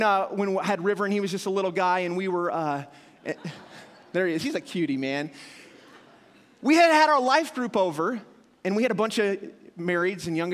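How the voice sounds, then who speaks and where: A young man preaching a sermon, telling stories with lively acted-out shouts. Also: high-pitched. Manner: animated storytelling, acting out scenes with sudden loud shouts. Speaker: pastor. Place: church hall with a dog on stage. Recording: long hall reverb.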